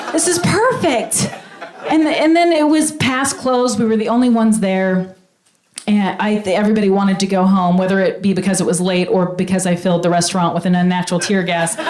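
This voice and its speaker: A woman telling a stand-up story on stage, animated and squealing at the big moments. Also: reverberant, slight background noise. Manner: animated, acts out voices, high squeals at punchlines. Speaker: stand-up comedian. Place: comedy stage with a live audience.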